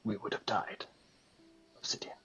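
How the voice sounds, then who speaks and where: A man voicing a grim male adventurer in a tabletop game, speaking in a hushed, solemn way. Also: moderate pace, in a whisper, natural voice, poor audio. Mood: somber.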